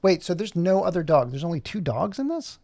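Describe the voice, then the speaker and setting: A man's voice: high-pitched, sing-song, a little fast, gravelly, a little mellow, no echo, studio quality. A man in his forties chatting casually on a livestream, joking and rambling to himself while he animates. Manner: joking, rambling self-talk while working. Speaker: animator streaming live.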